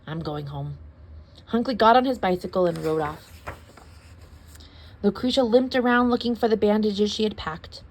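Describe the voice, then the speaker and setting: A young adult woman reading a children's story aloud as storyteller, in a lively, expressive way. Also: mid-range voice, moderate pace, pauses often.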